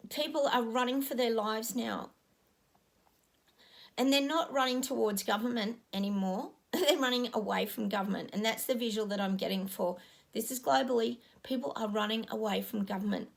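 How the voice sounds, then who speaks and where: A woman's voice: on the high side, normal speed, gravelly. A middle-aged woman talking casually to her viewers, rambling and earnest with lots of ums. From Australia. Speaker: psychic giving predictions.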